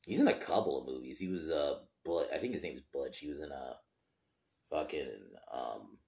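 A man with an extremely low, deep voice talks casually through a film review, swearing freely and often losing his thread before restarting. The sound has a roomy echo around it, as if recorded in an open room. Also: animated, moderate pace, a little mellow. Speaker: podcast host.

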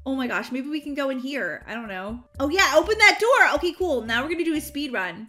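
A woman's voice: high voice, lively intonation, brisk, few pauses, sharp tone, faint music behind. A young woman commenting on a game as she plays, exclaiming often and talking to her viewers. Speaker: game channel host. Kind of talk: excited gameplay commentary.

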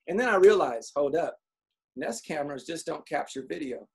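A man giving a motivational talk to an audience, telling comic stories and acting out quotes in an animated way. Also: on the high side, normal speed, breathy edge. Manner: animated storyteller, acts out quotes. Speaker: speaker.

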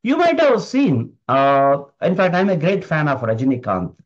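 Motivational speaker, man, fairly high voice, emphatic and repetitive. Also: sing-song, normal speed. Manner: emphatic, repeats key phrases. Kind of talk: motivational talk. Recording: dull lo-fi recording.

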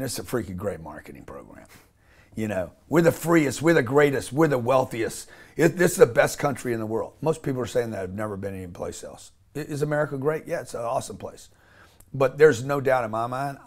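A man speaking as an interview guest, blunt and emphatic, often restarting and swearing casually. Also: medium pitch.

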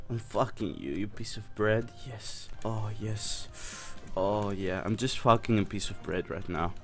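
A man doing excitable, swear-heavy commentary on his own gaming channel, breaking into squeals and laughter. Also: fairly low pitch. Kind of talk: casual let's play commentary.

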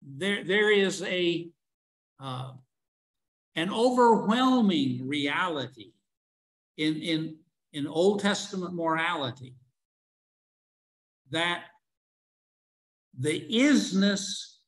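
An older man teaching a religion class online, lecturing with many fillers, restarts and pauses. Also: on the high side, expressive, fairly bright tone, rough recording.

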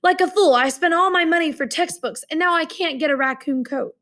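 A woman's voice: very high-pitched, fairly quick, sharp tone, pitched above the performer's own voice. A woman voicing a young male college student who wails and pleads about following a fad. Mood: wailing. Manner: wailing, pleading.

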